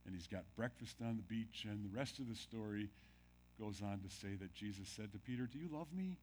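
A man preaching a sermon as a pastor, dropping to hushed tones and then building loud, and asking the congregation questions. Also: lowish voice, steady tone, brisk, a little hiss or hum. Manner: dramatic, drops to near-whispers then builds loud.

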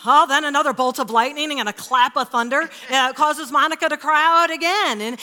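Woman pastor, 50s, emphatic sermon delivery, slightly high pitch, reverberant hall. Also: moderate pace, few pauses. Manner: expressive, emphatic, dropping to hushed asides. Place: church.

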